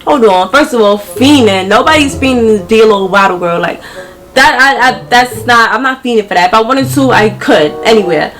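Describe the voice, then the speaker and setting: A young woman, telling a story to her viewers in an animated, slangy way. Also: fairly high pitch, moderate pace, soft background music, low-quality recording. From New York. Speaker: vlogger.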